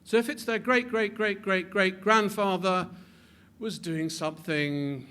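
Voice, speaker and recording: A man giving a public talk with animated delivery, building to emphatic peaks and often repeating words as he restarts his sentences. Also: high voice, unhurried, clean tone. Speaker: speaker.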